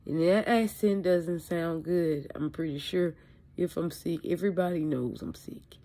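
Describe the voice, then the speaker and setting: A woman's voice: on the low side, a little slow, warm tone. A woman vlogger from Louisiana, sick with allergies, talking candidly to camera in a rambling way with fillers and mild swearing. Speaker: beauty vlogger. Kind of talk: casual chat to camera. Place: indoors at home.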